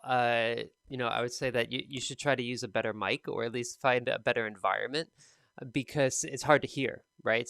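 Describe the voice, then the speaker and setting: A man teaches an exam lesson in a loose, conversational way, dotted with fillers. His voice is bright and smooth. It sounds close and dry, with no room in it. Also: medium pitch, no echo. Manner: casual and conversational, many fillers. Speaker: TOEFL speaking teacher. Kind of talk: recorded lesson giving feedback.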